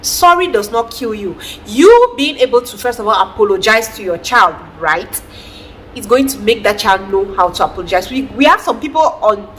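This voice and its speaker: A woman, chatting in an emphatic, animated way as a vlogger giving advice. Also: mid-range voice, normal speed, slight background noise, low-quality recording. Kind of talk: casual advice vlog.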